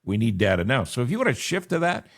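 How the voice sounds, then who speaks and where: A man's voice: medium pitch, huge pitch swings, fast talker. A middle-aged man hosting a conversational interview, chatting with wry, joking asides. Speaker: talk show host.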